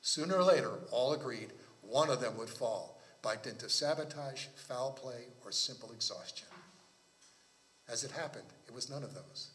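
A man reading his own novel aloud at a library book talk, in a measured storytelling cadence. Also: medium pitch, lively intonation, a bit bright.

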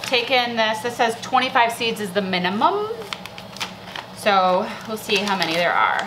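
A woman flower farmer chatting casually to her viewers while starting seeds, bubbly and quick to laugh at herself. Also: on the high side, very animated, background noise. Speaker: flower farmer and channel host. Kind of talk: casual seed-starting vlog.

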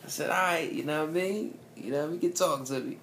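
A man's voice: on the high side, a little fast, a little hiss or hum. A man telling a story to camera in a casual, profane, rambling way, often checking in with "you know what I mean".

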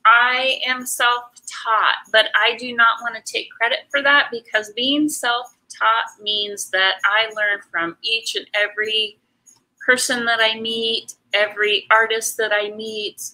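A woman's voice: on the high side, flat delivery, a little slow, bright, forceful tone, poor audio. A middle-aged woman chatting casually while she paints, answering viewer comments in a rambling way with many ums and restarts. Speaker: artist hosting a live painting stream.

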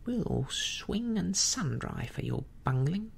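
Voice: medium pitch, sing-song, slow pace, creaky, slight background noise, pitched above the performer's own voice, exaggerated voice. A storyteller voicing a resentful, mutinous male pirate in a blunt, accusing whispered role-play. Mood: grim.

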